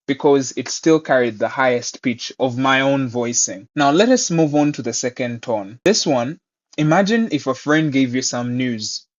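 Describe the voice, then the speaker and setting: A man walks learners through a Mandarin lesson, patient and encouraging, with unhurried, deliberate phrasing. His voice sits at an ordinary middle pitch. The recording sounds a little dull and lo-fi. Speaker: Mandarin teacher. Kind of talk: online language lesson.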